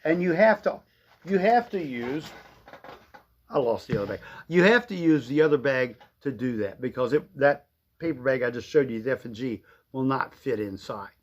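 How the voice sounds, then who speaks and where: A man's voice: mid-range voice, animated, normal speed. Folksy man demonstrating vacuum bags. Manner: folksy, rambling explanations with fillers. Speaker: vacuum shop owner. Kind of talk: live-stream product demonstration. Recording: dull lo-fi livestream audio.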